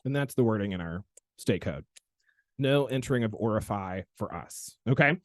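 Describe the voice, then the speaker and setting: A man's voice: moderate pace, dry recording. Guy hosting a podcast, big swoopy storytelling voice, dry close mic. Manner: animated, theatrical storyteller with big pitch swings. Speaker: chiropractor and podcast host. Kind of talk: casual podcast chat, storytelling.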